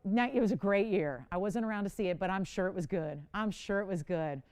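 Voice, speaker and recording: This forty-something home-shopping host works a television studio with bubbly chatter and frequent laughs while presenting. She talks briskly in a medium-pitched voice that is a little mellow, clear and resonant.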